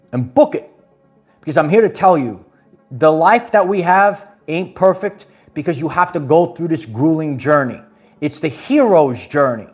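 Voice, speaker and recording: A man from Brooklyn, talking to his viewers in an emphatic, preachy way and repeating his phrases. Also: on the high side. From Brooklyn, New York. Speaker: spiritual empowerment vlogger. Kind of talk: livestream motivational talk.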